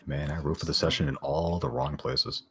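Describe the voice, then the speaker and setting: A man's voice: extremely low pitch, level tone, fairly quick, vocal fry, a bit bright, breathy edge. A man running a tabletop game, chatting casually out of character and stumbling over words while he checks numbers. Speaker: game master.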